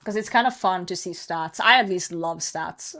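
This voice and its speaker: A woman's voice: on the low side, moderate pace, bright, forceful tone. Chatty young woman streaming a game. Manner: chatty, answers chat, laughs often, swears casually. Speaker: live streamer. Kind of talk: casual live-stream chat while gaming.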